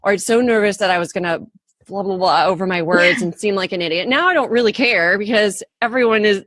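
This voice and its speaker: A woman's voice: mid-range voice, quick pace, fairly bright tone, no room sound. Woman from socal, podcast guest, chatty, acts out quotes, dead dry sound. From Southern California. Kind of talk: casual podcast conversation.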